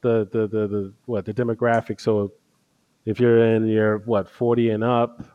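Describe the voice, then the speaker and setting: A man's voice: lowish voice, level tone, moderate pace, smooth, phone-quality sound. A man in a casual political chat who talks hesitantly, often starting over. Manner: hesitant, stumbling restarts.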